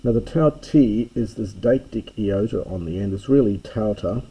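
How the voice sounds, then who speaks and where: An older man teaching a classics lesson, reading an ancient text line by line and explaining each word slowly and carefully. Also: lowish voice, warm tone, slight background noise, low-quality recording.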